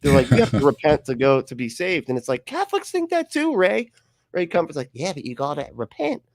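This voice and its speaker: A man hosting a casual livestream chat. He talks animatedly, laughs often, swears, and jumps his pitch up for mocking quotes. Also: fast talker, a little mellow, no room sound, studio quality. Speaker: livestream host.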